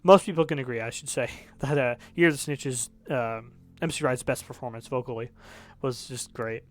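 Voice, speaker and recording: A man's voice: mid-range voice, moderate pace. A man reviewing songs in casual commentary, rambling and correcting himself, with the odd swear word. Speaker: music reviewer.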